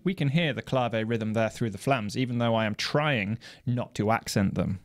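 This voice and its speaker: A man explaining drum technique in a measured, precise, methodical way. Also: medium pitch, over loud music. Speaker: drum teacher. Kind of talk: instructional explanation. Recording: loud noise from snare drum playing. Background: snare drum playing.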